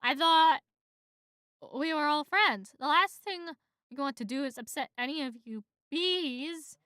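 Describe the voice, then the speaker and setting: A woman's voice: high voice, a little slow, sharp tone, no echo, clean studio sound, pitched above the performer's own voice. A woman voicing a sly male grocery worker who blusters and threatens, in a casual script reading. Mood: blustering.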